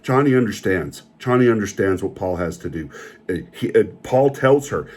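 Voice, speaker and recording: A man's voice: fairly low pitch, expressive, moderate pace, a little mellow. A man delivering an opinionated, indignant rant as a film reviewer, often repeating himself.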